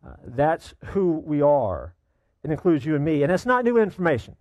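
A man's voice: on the high side, big pitch swings, moderate pace, darkish tone, no echo. A middle-aged male pastor preaching a sermon, emphatic, repeating key lines for weight.

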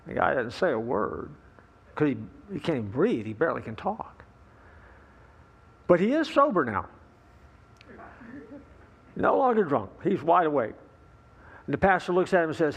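A man preaching a sermon as pastor, telling a story in a folksy, relaxed way with fillers and asides to the congregation. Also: a little high, unhurried, long pauses, breathy edge.

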